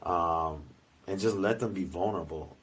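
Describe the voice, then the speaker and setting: A man with a fairly low voice chats casually on a podcast. He talks loosely, full of slang, and swears freely. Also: moderate pace, husky, low-quality recording. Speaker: podcast co-host and youth coach. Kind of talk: casual chat.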